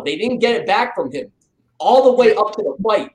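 A man hosting a podcast, excitable and swearing as he tells stories. His voice is a little high and bounces around an echoey room. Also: a little fast. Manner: profane, excitable storyteller. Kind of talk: casual chat.

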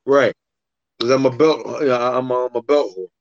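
A man spins a fight story in loose, profane chat, jumping into the voices of the people in it. His voice is mid-pitched and sits close and dry, with a slightly dull, muffled sound. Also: steady tone, measured pace, no room sound. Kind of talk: casual storytelling in a podcast chat.

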